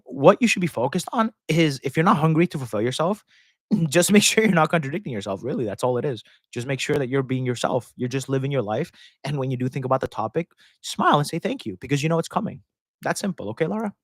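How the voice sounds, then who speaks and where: A man's voice: medium pitch, very animated, fast talker, a bit bright, no echo. A man hosting a casual live-stream question and answer session, talking in a rambling, chatty way and laughing often mid-sentence into a close microphone. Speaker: host answering viewer questions. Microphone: close desk microphone.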